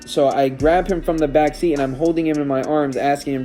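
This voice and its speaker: A man recounts a story to camera in a casual vlog, his slightly high voice mellow and soft-edged. He rambles and restarts often, sounding shaken and emotional. Faint music plays behind him. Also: fairly even intonation, brisk. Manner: rambling, with frequent restarts and fillers. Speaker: vlogger and stepdad.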